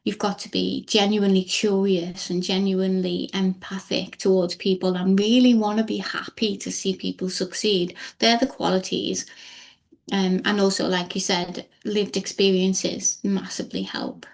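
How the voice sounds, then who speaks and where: A woman appearing as a podcast guest and speaking as a life coach. Her voice is gravelly and her pitch stays fairly flat. She talks earnestly and often agrees with the host. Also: normal speed. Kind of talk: casual interview chat.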